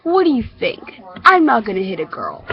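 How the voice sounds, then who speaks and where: A woman voicing a loud, mocking bully boy who leads a street gang, in a shrill, taunting voice. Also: wildly swooping pitch, normal speed, creaky, exaggerated voice. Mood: jeering. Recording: dull lo-fi recording.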